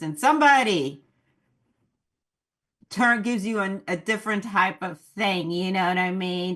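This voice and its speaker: A woman's voice: medium pitch, fairly bright tone. A woman interviewing film cast members in a chatty, bubbly press-junket style, laughing often.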